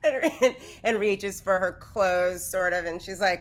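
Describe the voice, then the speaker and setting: Woman, tabletop player, rambling animated narrator, filler-heavy. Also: medium pitch, a little slow. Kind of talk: casual game narration.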